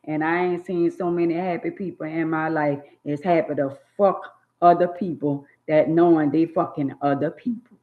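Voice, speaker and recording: An older woman hosting her own channel delivers a blunt, preachy, opinionated monologue, scolding her audience and drawing out emphatic words. Her voice is low and steady, and the lo-fi phone audio sounds dull.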